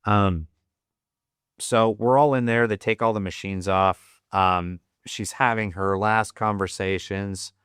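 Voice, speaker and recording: A choked-up American man tells a story on a podcast, unhurried and halting, full of restarts and blunt swearing. His voice sits low, and the sound is close and dry. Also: steady tone, a bit bright, smooth, dry recording. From United States. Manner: candid, profane, halting with fillers and restarts. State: choked up and teary. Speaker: podcast guest, Marine veteran. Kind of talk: emotional storytelling in a podcast interview.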